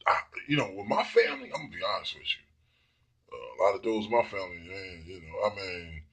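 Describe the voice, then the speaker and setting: A man's voice: sits low, very animated, a little fast, fairly bright tone. A man giving a blunt, profane casual monologue full of fillers. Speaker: commentator.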